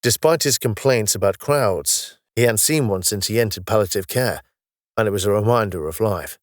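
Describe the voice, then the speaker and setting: A man narrating a science-fiction audiobook in a steady, even storytelling manner. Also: fairly low pitch, normal speed, dry recording, studio quality.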